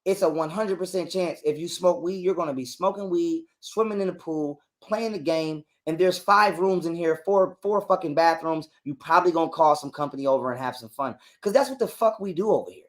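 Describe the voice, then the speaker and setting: A man's voice: a little high, brisk, hardly any pauses. A man telling a heated, profane story as a guest on an interview show. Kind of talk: casual storytelling.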